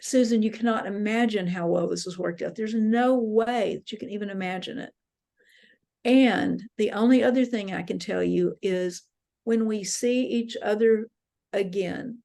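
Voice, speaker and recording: A woman voicing her late father, who speaks gently and calmly to reassure her. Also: sits high, moderate pace, vocal fry. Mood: gentle. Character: radiant kindly departed father.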